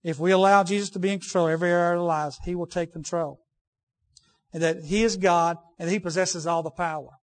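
A man with a notably high-pitched voice delivers a sermon to his congregation. He talks in a plain, conversational way, often restarting sentences and repeating key phrases for emphasis. He slips into folksy asides addressed to people in the room. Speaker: preacher.

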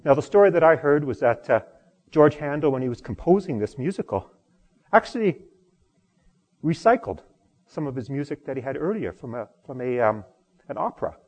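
Pastor, male, husky and lively sermon delivery, church hall reverb. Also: on the high side, normal speed, pauses often. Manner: expressive, swings from loud emphasis to quiet.

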